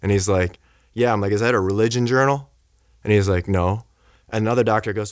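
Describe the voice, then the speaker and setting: A man telling a story in casual conversation, animated and acting out the voices of the people in it. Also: on the low side, fairly quick, no room sound, clean studio sound. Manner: animated, acts out quoted voices. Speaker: guest speaker.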